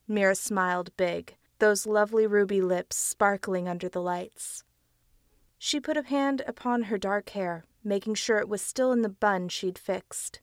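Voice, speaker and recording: A woman narrating a dark audiobook story in a measured storytelling voice. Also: mid-range voice, dry recording, studio quality. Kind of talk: scripted narration.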